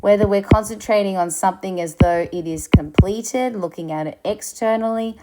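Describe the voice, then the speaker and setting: A woman teaching a recorded lesson, explaining slowly, with fillers and restarts. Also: medium pitch, very noisy. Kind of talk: recorded lecture.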